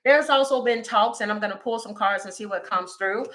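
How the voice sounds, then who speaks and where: A woman, doing a casual livestream tarot reading and talking straight to her viewers in a chatty, animated way. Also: medium pitch, brisk. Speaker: tarot reader.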